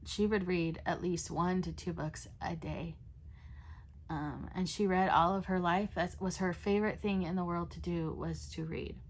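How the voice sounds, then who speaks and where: A woman's voice: lowish voice, fairly even intonation, moderate pace, slight background noise. A woman hosting a coloring channel, chatting casually with many fillers and restarts. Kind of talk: casual chat.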